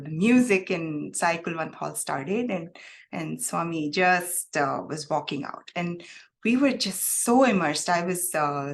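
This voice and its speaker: A young adult woman telling a personal story in a reflective, halting way, with many fillers. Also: lowish voice. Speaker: guest speaker.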